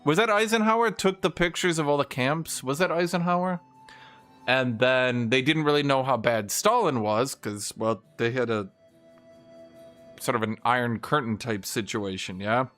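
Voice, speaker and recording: A man streaming a game and ranting casually about history, opinionated and profane, with quick mock voices for the countries he talks about. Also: mid-range voice, fairly bright tone, soft background music. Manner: mimics historical nations in quick asides. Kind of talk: casual livestream rant while gaming.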